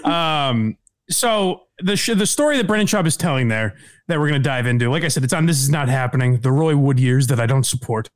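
A man's voice: medium pitch, no room sound. A man co-hosting a comedy podcast, chatting casually and laughing often. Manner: laughs often, fast riffing commentary. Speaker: podcast co-host.

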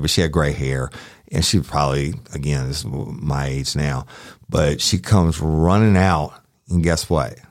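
Very deep-voiced man telling a story. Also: a little mellow, dry recording, studio quality. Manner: rambling, profane, acts out quotes. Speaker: podcast host, former sheriff's deputy. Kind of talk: casual true-crime storytelling.

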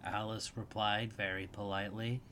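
A man reading a storybook aloud as narrator, steady and even. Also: on the low side, normal speed.

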